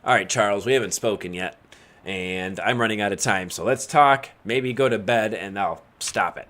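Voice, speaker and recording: A man's voice: fairly low pitch, normal speed, a bit bright. A man casually commenting as he plays a video game, chatty and reading text aloud. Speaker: let's play gamer.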